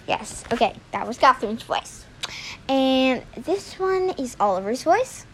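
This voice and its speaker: Slow, high-voiced rambling woman. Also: very animated, a little hiss or hum, poor audio. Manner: rambling, hesitant, many fillers. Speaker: podcast host. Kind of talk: casual chat. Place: indoors at home. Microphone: phone.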